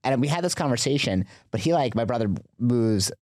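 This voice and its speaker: A man's voice: medium pitch, a little fast, no room sound, clean studio sound. A man as a podcast guest, telling a story in a casual, chatty way with lots of fillers. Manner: chatty, filler-heavy, animated retelling.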